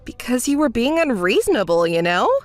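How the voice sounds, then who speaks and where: A woman narrates a texting story in a calm, reproachful manner. Her voice sits high and moves around a good deal. It is recorded dry and close, with soft music underneath. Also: brisk, no room sound. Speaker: narrator voicing the calm friend.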